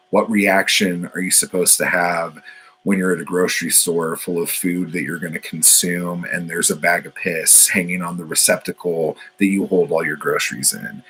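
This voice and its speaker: A man's voice: sits low, fairly bright tone, slight background noise, poor audio. A man, a poet, talking in a casual, profane, meandering monologue full of fillers.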